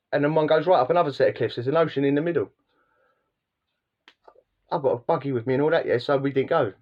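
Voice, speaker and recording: Over dull audio, a man with a slightly high voice tells offhand stories for his vlog. He rambles in slang, repeating himself and restarting often.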